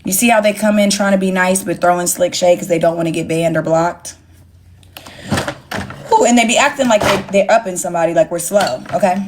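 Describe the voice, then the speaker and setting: A woman's voice: fairly low pitch, brisk, noisy background. Sassy, profane young woman streaming live. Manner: blunt, profane, sassy, talks straight to chat. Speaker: livestream host. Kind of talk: casual livestream rant to viewers.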